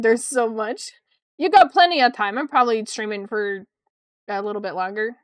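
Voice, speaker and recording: Young woman art streamer, casual and excitable, swears freely; clear, slightly high voice, dry close mic. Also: no echo. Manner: chatty, excitable, swears casually, reads chat aloud. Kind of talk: casual chat while drawing on stream.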